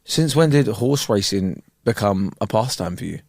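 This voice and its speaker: Jokey man with lively pitch. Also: moderate pace, gravelly, breathy edge, dry recording, studio quality. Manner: laid-back, jokey, rambling. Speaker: podcast co-host. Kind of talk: casual chat.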